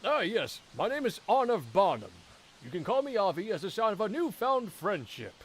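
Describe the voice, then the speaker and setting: A man's voice: high voice, sing-song, moderate pace, breathy edge, voice pushed up, heavily acted, rough recording. A man voicing a flamboyant, theatrical would-be detective in a put-on standard British accent, grandiose and wordy, for a game reading. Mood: grand.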